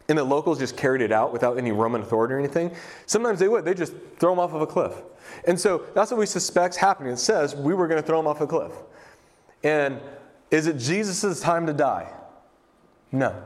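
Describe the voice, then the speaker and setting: A young male pastor gives a relaxed, talky sermon with a fairly high voice. He drifts into jokes and asides and fills gaps with ums and likes. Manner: chatty, loose and joking, with many fillers. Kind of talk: casual conversational sermon.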